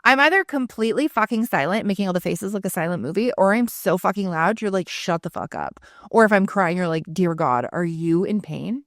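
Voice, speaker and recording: A woman's voice: on the low side, a little fast, hardly any pauses, no echo, clean studio sound. A woman in her thirties co-hosting a podcast, telling a personal story candidly and with frequent swearing. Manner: frank, swears freely, animated retelling. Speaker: podcast co-host.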